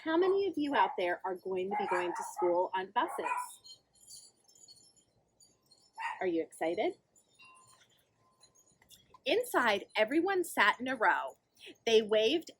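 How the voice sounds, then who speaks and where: A woman reading a picture book aloud for children, singsong and animated, often asking her young listeners questions. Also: on the high side, breathy edge. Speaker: children's librarian. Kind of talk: storytime read-aloud.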